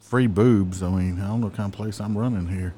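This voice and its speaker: A man's voice: on the low side, steady tone, fairly quick, mellow, a little hiss or hum. A man hosting a podcast, chatting casually and cracking jokes. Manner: joking, wisecracking. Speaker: podcast host. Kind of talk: casual chat.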